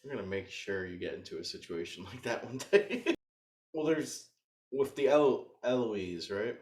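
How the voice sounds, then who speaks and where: A man's voice: on the low side, expressive, normal speed, a little mellow, roomy sound. A man co-hosting a casual movie review podcast, laid-back and laughing often, mostly giving brief replies. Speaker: podcast co-host.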